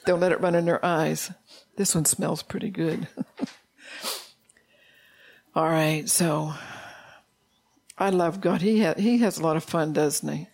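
A preacher with a gravelly, fry-tinged voice at mid pitch delivers an informal sermon in a loose, conversational, folksy manner rather than a formal one, laughing frequently. The tone is steady and a little mellow, at a slow pace with long pauses.

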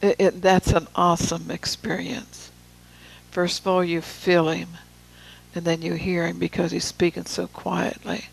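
A preacher giving a sermon, reading scripture with slow, deliberate emphasis and casual asides to the room. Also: mid-range voice, level tone, creaky, husky, poor audio.

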